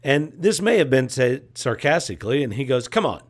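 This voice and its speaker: A man's voice: medium pitch, lively intonation, normal speed. A man preaching a sermon as a pastor, with a repetitive, emphatic cadence and casual asides.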